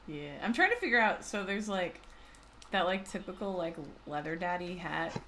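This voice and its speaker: A woman co-hosting a drawing stream, chatting casually and excitably with lots of "like.". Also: fairly low pitch, measured pace, a little hiss or hum. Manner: chatty, filler-heavy, excitable. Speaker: co-host and artist. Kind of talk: casual chat while drawing.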